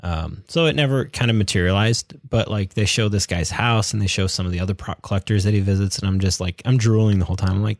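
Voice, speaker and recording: A man's voice: fairly low pitch, fast talker, few pauses, no room sound, studio quality. A young man chatting casually as a podcast co-host, rambling with lots of fillers and restarts. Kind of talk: casual chat.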